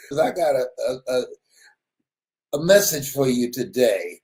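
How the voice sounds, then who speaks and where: A man's voice: mid-range voice, a little mellow. A man giving a motivational sermon. He laughs often and repeats his words for emphasis. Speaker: motivational speaker.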